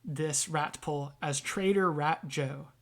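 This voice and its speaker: A woman's voice: deep voice, takes it slowly. A woman narrating as game master in a tabletop game, speaking casually with lots of filler words. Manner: casual, loose, full of fillers.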